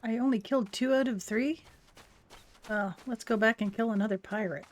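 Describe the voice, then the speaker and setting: A woman's voice: on the high side, moderate pace, a little hiss or hum. A tired woman streamer chatting casually and rambling in self-deprecating asides while she plays a video game. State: tired and yawning. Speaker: gaming livestreamer. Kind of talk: casual gameplay chat.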